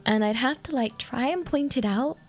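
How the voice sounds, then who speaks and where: A woman's voice: sits high, normal speed, soft background music. A British woman streamer chatting casually, rambling and giggling, with lots of fillers. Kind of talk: casual chat.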